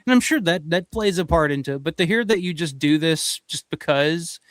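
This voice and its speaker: A man's voice: fairly high pitch, expressive, brisk, fairly bright tone, dry recording. A man hosting a casual live-stream chat, talking loosely with lots of swearing and fillers like "like" and "you know". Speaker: host.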